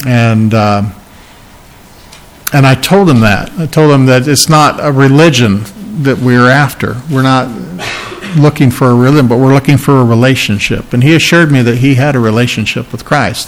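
A man's voice: mid-range voice, low-quality recording. A man preaching a sermon as pastor, earnest and teacherly, pleading with listeners and lifting his voice to stress points.

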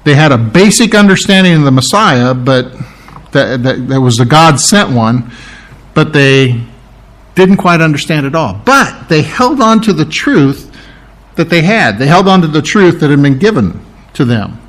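A man's voice: a little high, lively intonation, a little slow, fairly bright tone. A man, preaching a conversational sermon, often restarting and correcting himself. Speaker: pastor.

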